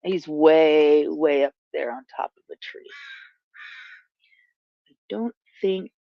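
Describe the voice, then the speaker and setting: A slow-talking livestream host who rambles through casual chat and keeps trailing off mid-thought. The voice is recorded on a phone outdoors in a yard. The sound is dry and close, but dull and lo-fi. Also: mid-range voice, gravelly, no room sound. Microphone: phone camera.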